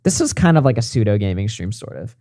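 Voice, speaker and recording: A man's voice: lowish voice, sing-song, fast talker, mellow, no room sound. A male livestream host, tired and close to a morning voice, signing off in rambling, profane casual chat.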